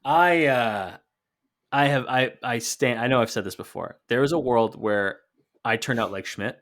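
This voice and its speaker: A man co-hosting a podcast in an easy, joking way, running through old wrestling promos and trading bits with his partner. His voice sits at an average pitch and he talks in a relaxed, conversational tone. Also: normal speed. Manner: conversational, joking, recapping matches. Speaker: podcast co-host. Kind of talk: casual wrestling podcast chat.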